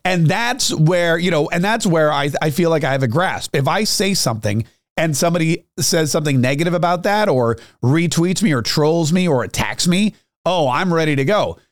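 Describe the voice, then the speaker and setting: A man's voice: a little high, expressive, normal speed, dry recording, clean studio sound. A middle-aged man hosting a talk show, telling a rambling, self-mocking story in a casual monologue. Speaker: radio talk show host.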